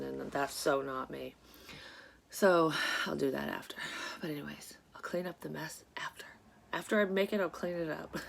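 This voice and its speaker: A woman's voice: deep voice, creaky. A woman in her thirties, a psychic vlogger, chatting casually; she rambles with many fillers and curses, sounds congested and a bit sleepy. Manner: rambling, profane, lots of fillers. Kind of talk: casual chat.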